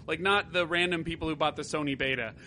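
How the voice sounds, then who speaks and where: A man's voice: a little high, fast talker, pushed and bright, a little hiss or hum. A man co-hosting a casual gaming podcast, rambling through tangents and swearing now and then. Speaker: podcast co-host.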